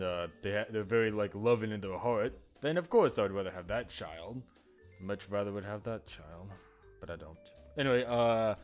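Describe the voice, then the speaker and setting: A man's voice: mid-range voice, fairly bright tone. A man hosting his own video, chatting casually to viewers in a rambling, self-mocking way with frequent chuckles. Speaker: YouTuber host. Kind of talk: casual solo chat to viewers.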